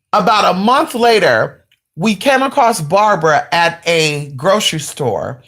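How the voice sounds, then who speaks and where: A woman with a low-pitched voice tells a personal story straight to her audience. She talks loosely and casually, swearing freely and calling her viewers y'all. When the story gets exciting, her voice leaps far up in pitch. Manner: voice jumps much higher when excited. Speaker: spiritual vlogger.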